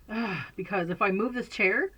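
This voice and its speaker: A woman's voice: mid-range voice, a little slow, sharp tone, breathy edge, poor audio. A woman vlogger chatting casually to her camera in a messy room at home, rambling with many fillers, restarts and frequent laughs.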